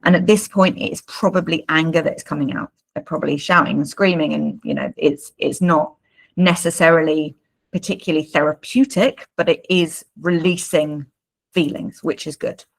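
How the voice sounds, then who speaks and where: A woman coaching parents in a live workshop, her voice low and gravelly. She talks informally and loosely, with plenty of fillers and repeated words. Her tone stays low, with a rough, creaky edge. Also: steady tone, normal speed. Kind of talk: live online workshop talk.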